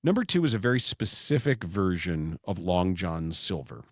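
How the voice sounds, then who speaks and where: A man's voice: sits low, big pitch swings, normal speed, dry recording, clean studio sound. A man hosting a casual podcast chat, talking with lots of animation and slipping into pirate voices now and then. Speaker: sports radio host.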